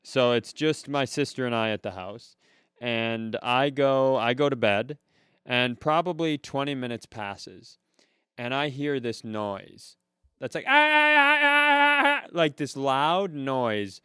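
A man on a comedy podcast telling a long story casually, animated and profane, laughing at his own punchlines. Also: medium pitch, takes it slowly, clear, resonant tone, no echo, studio quality. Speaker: podcast co-host.

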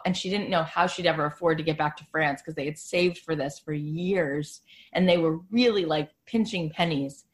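A woman's voice: lowish voice, normal speed. A woman podcast host telling a story in a casual, chatty way, full of "like" fillers.

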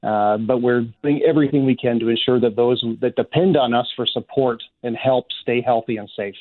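A man who is a Salvation Army officer, speaking as a guest in a radio interview in an earnest, measured way, often hesitating and restarting. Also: medium pitch, fairly even intonation, no echo. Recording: tinny, dry phone line.

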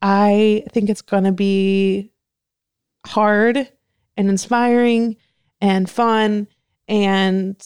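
A woman's voice: medium pitch, flat delivery, drawn-out words, long pauses, a little mellow, clean tone, no echo, studio quality. A young woman from California, chatting casually and bubbly as a podcast co-host, laughing often. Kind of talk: casual chat.

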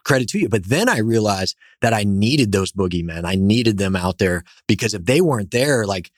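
A man, a company founder, telling energetic stories as a guest in a casual interview. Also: lowish voice, moderate pace, no echo, studio quality. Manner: animated, energetic storyteller.

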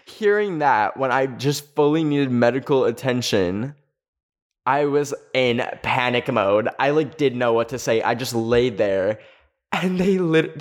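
A man in his twenties telling a personal story to camera in a casual, rambling way, full of "like". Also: medium pitch. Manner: rambling, heavy use of filler "like". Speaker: storytelling video host.

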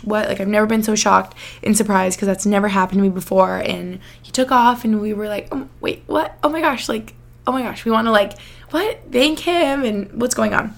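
A woman's voice: mid-range voice, creaky. A young woman from the United States hosting a podcast, telling a long story in a chatty, rambling way full of "like"s. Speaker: podcast host. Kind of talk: casual chat.

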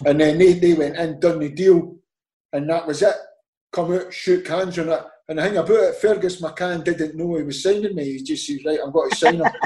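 A man's voice: fairly high pitch, reverberant. A man with a Scottish accent, a former footballer telling anecdotes in casual chat and acting out the dialogue. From Scotland. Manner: animated storyteller, acts out quoted dialogue, laughs often. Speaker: podcast guest, former footballer.

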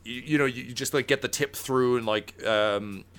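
A man's voice: mid-range voice, normal speed, fairly bright tone, clean tone. A man narrating a tabletop game as game master over a video call, laid-back and full of fillers.

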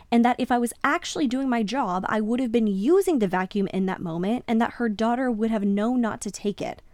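A woman's voice: medium pitch, no echo. Dry-voiced woman podcast host, reading then reacting. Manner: lively, emphatic reactions after the reading. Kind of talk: reading a listener story aloud, then reacting. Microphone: podcast microphone.

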